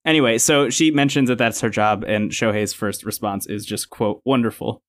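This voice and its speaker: A man's voice: fairly low pitch, moderate pace. A man co-hosting a podcast, casually recapping a reality show and quoting its cast. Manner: relaxed storytelling, quoting others. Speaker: podcast co-host.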